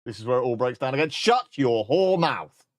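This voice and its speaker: A man chatting casually on a live stream while coding, joking, swearing and dictating instructions slowly. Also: mid-range voice, lively intonation.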